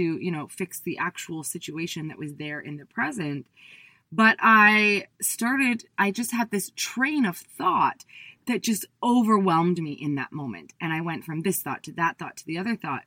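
A woman in her thirties giving a talk, telling a personal story with lively acted-out quotes of her past self. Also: no echo. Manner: animated, acts out her own past voice in high bursts. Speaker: speaker.

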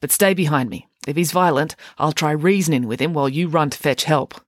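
A woman reading a storybook, voicing a logical, deadpan schoolgirl detective who speaks in a dry, matter-of-fact way. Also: low voice, a little fast, no room sound.

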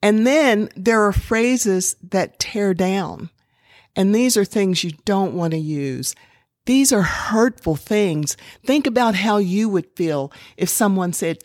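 A woman's voice: medium pitch, expressive, measured pace, a little mellow, no echo, clean studio sound. A middle-aged woman giving an earnest talk to parents, acting out example phrases as she goes. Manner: earnest, quotes examples in acted tones. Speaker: parenting speaker.

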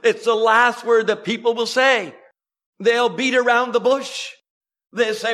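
A man with a fairly high voice preaches an evangelistic sermon to a gathered audience. He swings between loud, emphatic declarations and hushed, low asides. His pitch rises and falls widely as he drives home his points. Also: steady tone. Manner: spells words out slowly for emphasis.

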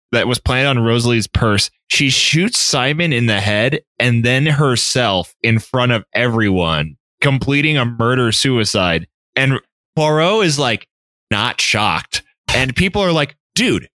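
A man's voice: medium pitch, animated, measured pace, bright, forceful tone, dry recording, clean studio sound. A man co-hosting a podcast, recapping a book in casual chat with lots of "like" and swearing. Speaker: podcast co-host.

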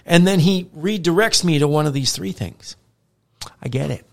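A man co-hosting a casual podcast as a dog trainer, telling animated stories and acting out growls and praise. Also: a little high, moderate pace, vocal fry. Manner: animated storyteller who acts out growls and praise.

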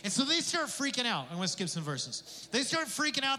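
A man preaching a sermon as pastor, conversational and animated, with casual asides and jokes. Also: very high-pitched, brisk, few pauses. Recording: long hall reverb.

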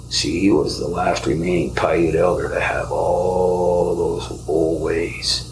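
A man hosting a podcast, telling spiritual stories softly, often dropping to a whisper. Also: deep voice, flat delivery, noisy background. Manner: slow, soft-spoken, often whispering. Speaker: podcast host. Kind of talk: spiritual storytelling.

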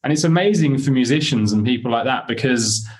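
Guest: young man, eager rambling storyteller, mid-pitched, lots of "like". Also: a little fast. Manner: excited, rambling storyteller with many fillers. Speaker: podcast guest. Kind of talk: casual interview chat.

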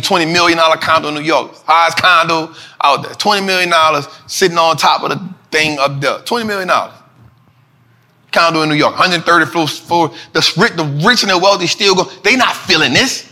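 A man hosting a casual finance talk show, animated and preachy, full of slang and repeating lines for emphasis. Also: fairly high pitch. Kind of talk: casual market commentary.

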